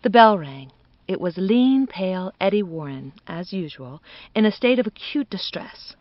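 A woman narrating a literary audiobook in an expressive, measured reading. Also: medium pitch, dry recording. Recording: dull, dry studio recording.

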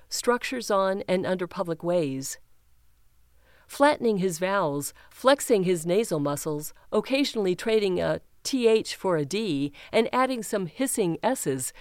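A woman reads a news article aloud in a steady, measured delivery. Her voice is smooth and clear, and the sound is dry and close. Her pitch sits in a middle range. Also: dry recording. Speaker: news reader.

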